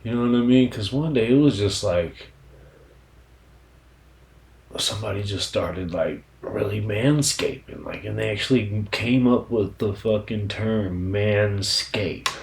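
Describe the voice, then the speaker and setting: Low-voiced man cursing through a rambling monologue. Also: a little mellow, a little hiss or hum. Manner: profane, rambling, conversational; frequent "you know what I'm saying" fillers. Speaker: podcast host. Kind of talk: casual solo monologue.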